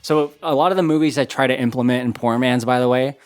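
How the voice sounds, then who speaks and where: A man in his thirties hosting a trivia round on a casual in-person podcast, chatty and quick to laugh as he reads out clues. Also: mid-range voice, smooth. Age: 30s. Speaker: trivia game host.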